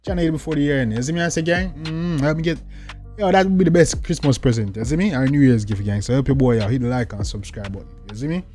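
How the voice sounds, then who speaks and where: Speaking quickly in a warm, mid-range voice, a young man with a Jamaican accent hosts a music reaction. His chatty, slang-heavy commentary leans on catchphrases like "you see me" and "dog," punctuated by exclamations, with faint music in the background.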